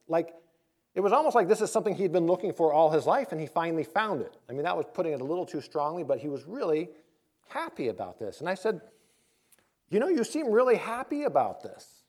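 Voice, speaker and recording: Man, pastor, sermon, storytelling, lively swinging pitch, fairly high voice. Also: quick pace. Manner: storytelling, conversational preaching with dramatic quoted voices.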